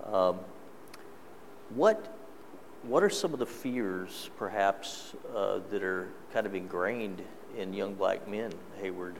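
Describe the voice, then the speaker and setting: A man's voice: sits low, animated, takes it slowly. A man asking a hesitant question on stage. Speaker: interviewer. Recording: reverberant hall with faint noise.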